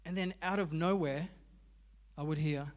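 A man's voice: fairly high pitch, steady tone, moderate pace, in a large hall. An Australian man preaching a sermon as pastor, telling stories with humor and animation. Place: church.

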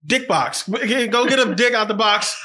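A man's voice: sits high, a little slow, bright, forceful tone. A man in a casual chat, cracking crude jokes and riffing on words.

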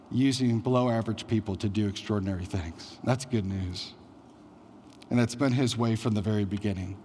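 Brief: male pastor, slightly high voice, casual conversational preaching, long church-hall reverb. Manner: conversational preaching with frequent "like" fillers. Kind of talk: sermon.

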